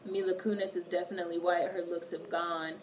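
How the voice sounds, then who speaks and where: A woman's voice: on the low side, level tone, fairly quick. Woman livestreaming from a distant mic. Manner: reads viewer comments aloud and answers them, cursing freely. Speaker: livestream host. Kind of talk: casual livestream chat. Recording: distant mic with faint background noise.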